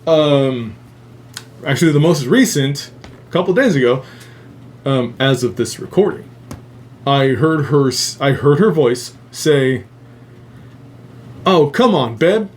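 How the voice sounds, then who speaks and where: A man's voice: medium pitch, unhurried, pauses often, darkish tone. A man hosting a casual live stream, rambling with heavy swearing and frequent laughter, with a faint hum behind him. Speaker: host.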